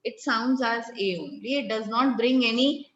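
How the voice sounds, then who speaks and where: A woman teaches a French class, patiently questioning her pupils and calling them beta. Her voice sits a little high and rings in an echoey classroom. The recording sounds dull and lo-fi. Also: normal speed, a bit bright. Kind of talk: classroom lesson.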